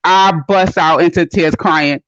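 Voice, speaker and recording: A woman joining a casual chat and telling a personal story with emotion. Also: no echo. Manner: emotive, high-pitched storytelling. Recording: muffled call line, breaking up.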